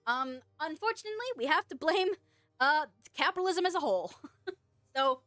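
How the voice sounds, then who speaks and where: Woman streamer, playful and giggly, loose and sweary; slightly high, dry close-miked sound, faint music underneath. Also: animated, normal speed, fairly bright tone, dry recording. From United States. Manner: playful, laughs often, swears casually. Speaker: VTuber streamer. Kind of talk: casual chat reading viewer messages.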